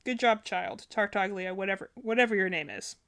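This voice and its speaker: A woman with a medium-pitched, slightly bright voice talks a little fast while streaming her reactions to game trailers. It's casual live-stream commentary, rambling and loose, full of fillers and self-corrections.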